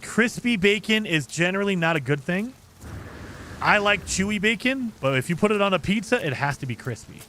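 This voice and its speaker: A man's voice: high-pitched, animated, a little fast, sharp tone, slight background noise. A man streaming a game, chatting casually and reacting to viewer comments with lots of fillers. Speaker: gaming streamer. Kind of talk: casual chat with live chat.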